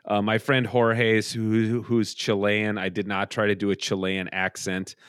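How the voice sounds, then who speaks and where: A man's voice: on the low side, level tone, a little slow, a bit bright, clear, resonant tone, no echo, studio quality. A middle-aged man hosting a podcast from his home, chatting casually and rambling with restarts. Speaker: podcast host. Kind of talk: casual chat. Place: room at home.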